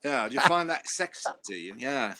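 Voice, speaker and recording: A man's voice: mid-range voice, very animated, moderate pace, sharp tone, slight background noise. A man putting on a smarmy, flirting man, crooning and teasing in an overdone way. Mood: flirty.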